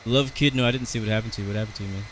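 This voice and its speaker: A man's voice: on the low side, fairly even intonation, rapid-fire, a little hiss or hum, poor audio. An American man chatting casually and rambling through live commentary on his flight sim stream, talking to his viewers.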